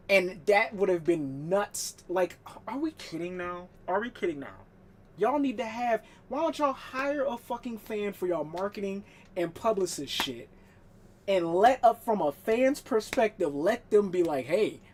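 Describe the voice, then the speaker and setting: A woman streaming a game who rants in casual, profanity-laced bursts. Her somewhat high voice swings widely in pitch as she gets worked up and exasperated. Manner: profane, emphatic, exasperated ranting. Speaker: gaming streamer. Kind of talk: casual ranting stream talk.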